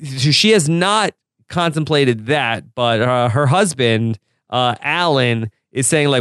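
A man's voice: medium pitch, animated, measured pace, fairly bright tone, smooth, no room sound, studio quality. A man hosting a casual TV recap podcast, chatty and laughing often. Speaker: podcast host.

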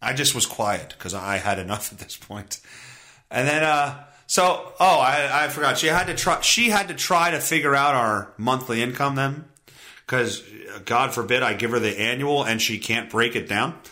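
A man's voice: medium pitch, normal speed, pushed and bright. A man hosting a podcast, telling a story as a profane, exasperated rant and laughing often. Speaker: podcast host. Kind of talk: ranting comedic storytelling.

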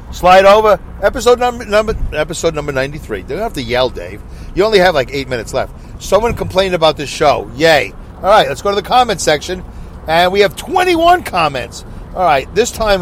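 A man hosting a casual solo podcast from his car, reading listener comments in a high, nasal, self-mocking, chatty way. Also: slight background noise. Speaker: podcast host.

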